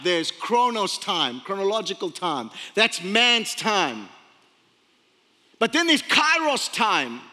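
High, bright-voiced preacher in a hall. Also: male voice. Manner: animated storytelling, acts out voices. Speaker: pastor. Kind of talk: sermon. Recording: long hall reverb.

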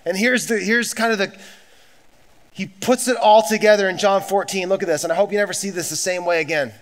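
A man's voice: sits high, fairly quick. A man preaching a sermon as pastor, emphatic and repetitive, with conversational asides to the congregation.

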